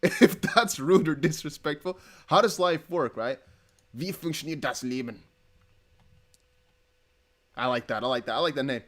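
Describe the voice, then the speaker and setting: A man's voice: on the high side, animated, a little fast, few pauses. A young man from the Netherlands hosting a casual crypto livestream, reading out donations in a rambling, laughing way. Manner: chatty, laughing, rambling with restarts.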